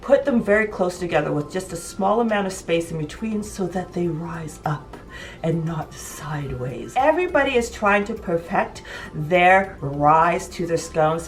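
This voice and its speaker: A woman's voice: mid-range voice, distant mic. A woman chatting enthusiastically and emphatically in a home cooking vlog. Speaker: vlogger. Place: home kitchen.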